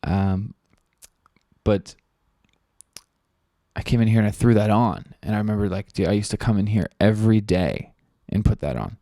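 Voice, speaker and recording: A man's voice: on the low side, normal speed, gravelly, pauses often, dark tone, no room sound. A man hosting a podcast, rambling casually in a studio, swearing freely and leaning on fillers. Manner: rambling, profane, full of fillers. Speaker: podcast host.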